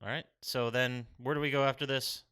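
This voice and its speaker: A man's voice: medium pitch, fairly even intonation, a little fast, pushed and bright, clear, resonant tone. A man co-hosting a casual podcast chat, joking and steering the talk. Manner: jokey, steers the discussion. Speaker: podcast co-host.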